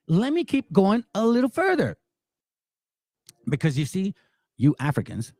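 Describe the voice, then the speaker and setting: A man's voice: high-pitched, wildly swooping pitch, measured pace, long pauses, a little mellow, no room sound. A man hosting a commentary channel, delivering a heated, profane, mocking monologue full of repetition. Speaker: religious commentary channel host.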